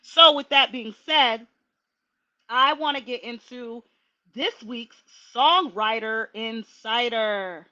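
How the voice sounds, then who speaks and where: A woman hosting a casual livestream, chatty and animated, talking straight to her viewers. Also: on the high side, takes it slowly, highs cut off. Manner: chatty, animated, laughing asides. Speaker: livestream host.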